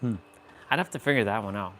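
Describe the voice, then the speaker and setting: A man's voice: fairly low pitch, fast talker, a bit bright, a little hiss or hum. A man chatting casually on a live gaming stream, playful and muttering to himself as he plays. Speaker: livestream gamer.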